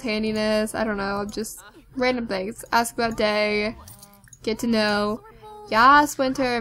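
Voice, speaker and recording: A woman's voice: a little high, sharp tone. A young woman giving casual, rambling commentary as she plays a game, chatting with viewers. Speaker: let's play host.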